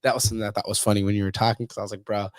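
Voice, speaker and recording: Speaking very fast in a lowish voice with little pitch movement, this man hosts a podcast, recorded clean in the studio with no echo. His casual chat is packed with stories, cursing and laughs.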